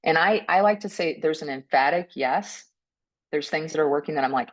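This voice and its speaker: A woman speaking on a panel about mental health, gentle and earnest, often tagging her points with a questioning "right?" and restarting her words. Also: low voice, fairly quick, low-quality recording. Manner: frequent restarts and repeated words. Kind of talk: reflective panel talk.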